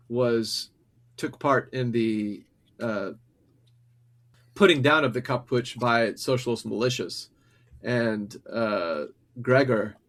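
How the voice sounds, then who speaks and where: A man with an ordinary, middle-pitched voice reads history passages aloud on a podcast. Between passages he breaks into loose, hesitant commentary, full of "um"s and restarts. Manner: reads passages, then riffs with many fillers and restarts. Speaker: podcast co-host. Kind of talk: reading an article aloud and discussing it.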